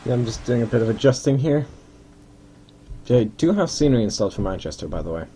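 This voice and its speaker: Man from Ireland, casual game host, dark mellow voice, faint hum in the background. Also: medium pitch, big pitch swings, quick pace. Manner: rambling, self-deprecating, thinking aloud. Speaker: gaming video host. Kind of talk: casual gameplay commentary.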